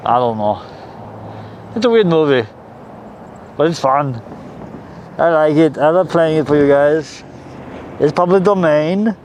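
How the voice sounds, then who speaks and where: A man's voice: on the high side, slight background noise, low-quality recording. A man hosting a casual movie commentary, rambling and swearing freely as he talks. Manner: rambling, profane, laughs often. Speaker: host.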